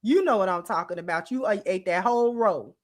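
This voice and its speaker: A middle-aged woman, hosting a casual livestream and talking straight to her viewers in an animated, drawling way. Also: lowish voice, brisk. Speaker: channel host.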